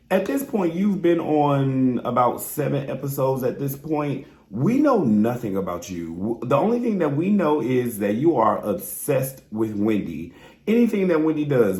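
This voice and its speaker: A man giving a blunt, sassy, profanity-laced recap of a reality show, talking straight to his viewers. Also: medium pitch. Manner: sassy, blunt and exasperated, swears freely, talks straight to viewers. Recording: roomy echoey room.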